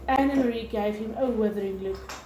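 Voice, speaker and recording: A woman teacher reading a novel aloud in steady storybook narration. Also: fairly high pitch, fairly quick. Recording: echoey room with faint hiss.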